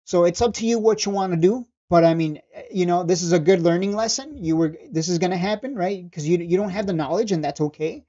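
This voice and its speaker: A man's voice: high voice, quick pace, few pauses, mellow, dull audio. A man streaming stock trading, casually going over charts and chat questions in a blunt, profane way, often laughing and repeating himself. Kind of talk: casual livestream commentary reading chat.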